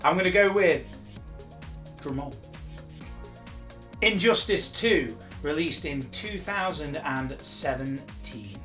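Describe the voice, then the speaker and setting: A man's voice: fairly high pitch, lively intonation, takes it slowly, over music. A man appearing as a guest, chatting casually and enthusiastically about games. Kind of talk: casual chat.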